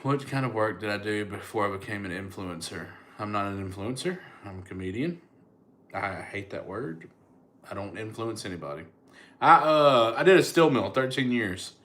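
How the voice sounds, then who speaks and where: Laid-back comedian, lowish voice. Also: male voice, animated, moderate pace, a bit bright, slight background noise. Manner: laid-back, chatty, thanks viewers by name. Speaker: comedian hosting a livestream. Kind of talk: casual livestream chat, answering comments.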